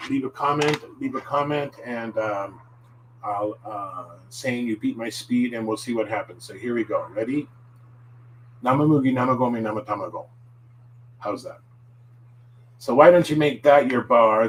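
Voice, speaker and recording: A man giving a casual live-stream language lesson, chatty and full of fillers. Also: mid-range voice. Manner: rambling, filler-heavy, chatty. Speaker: Japanese language teacher. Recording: distant mic with faint hum.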